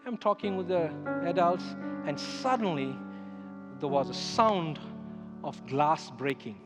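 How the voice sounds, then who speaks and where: A man's voice: a little high, animated, measured pace. A man, a pastor, preaching a sermon with emphatic storytelling. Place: church sanctuary. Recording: echoey church hall with music underneath.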